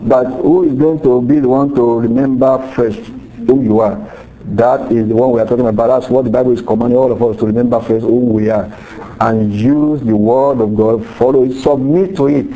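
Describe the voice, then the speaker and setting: A man's voice: medium pitch, steady tone, brisk, warm tone, poor audio. A middle-aged man preaching a sermon in a conversational way, acting out little quoted exchanges as he teaches. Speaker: pastor.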